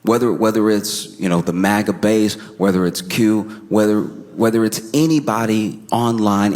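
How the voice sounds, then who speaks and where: A man doing stand-up comedy, telling a story in an animated, exaggerated way, often breaking into laughter. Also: lowish voice.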